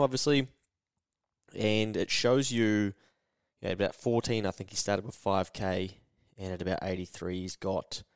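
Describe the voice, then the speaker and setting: A man's voice: low-pitched, no echo, clean studio sound. A man with a New Zealand accent hosting a podcast lesson in a casual, chatty, slangy and emphatic way. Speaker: podcast host.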